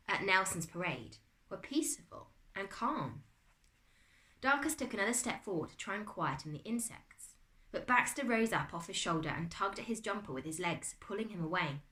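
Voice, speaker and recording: A British woman teacher reading a chapter book aloud to her class, expressive and dramatic. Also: on the low side. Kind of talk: storybook read-aloud. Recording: echoey room.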